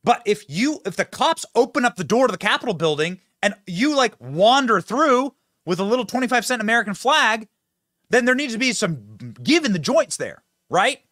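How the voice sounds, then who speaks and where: Dude hosting a political show, high lively voice, bright and punchy, super dry sound. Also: male voice, no echo. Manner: emphatic, fast-talking, addresses audience directly. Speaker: political commentary host.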